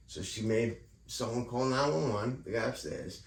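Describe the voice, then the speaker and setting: A man's voice: mid-range voice, normal speed. A man vlogging a rambling, profane rant about his neighbor and his housing program. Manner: profane, heated, digressive. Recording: echoey room, distant mic, faint ambience.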